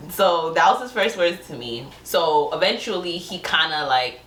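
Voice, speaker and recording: A woman's voice: normal speed, slight background noise. Young woman animatedly telling how they met, lots of laughs, echoey room, mic kinda far. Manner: lively, acts out quotes with big pitch jumps, laughs often. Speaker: co-host telling a couple's story. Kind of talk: animated storytelling. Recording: roomy sound from a distant mic.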